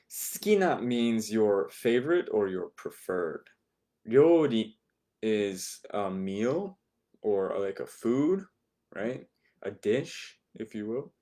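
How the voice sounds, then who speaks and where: Slow, low-voiced man teaching a class. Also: darkish tone. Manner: patient, explanatory, repeats words for drill. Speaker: language teacher. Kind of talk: recorded online lesson.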